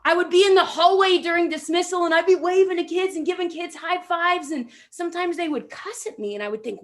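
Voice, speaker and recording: A woman in her thirties giving a motivational talk to educators, telling stories with lively acted-out dialogue. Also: very high-pitched, brisk, hardly any pauses. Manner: animated storytelling, acting out quoted dialogue. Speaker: keynote speaker.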